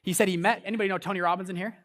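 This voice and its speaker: A man's voice: high voice, rapid-fire. A man in his thirties giving a motivational talk on stage, telling a personal story and hyping up the crowd. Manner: storytelling, animated, hypes the crowd. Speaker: conference speaker. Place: large event hall on stage.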